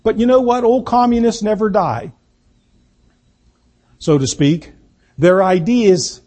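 A man giving a political speech, slow and emphatic, repeating key words for effect. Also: high voice, warm tone. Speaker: political speaker.

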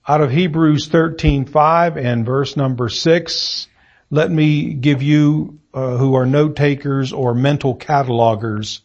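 A middle-aged man gives a deliberate, emphatic sermon in a church meeting room. His voice is husky and sits at an ordinary pitch. The recording is dull and muffled, like an old lo-fi church tape. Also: fairly even intonation, a little mellow. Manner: deliberate, emphatic preaching with pauses and fillers. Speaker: preacher. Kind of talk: sermon with scripture reading.

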